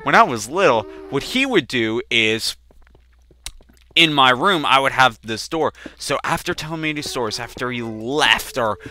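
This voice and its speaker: A young man hosting a game video, rambling through a childhood story with casual swearing and sudden loud outbursts. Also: medium pitch, lively intonation, normal speed, no room sound. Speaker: gaming channel host. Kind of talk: casual let's play commentary.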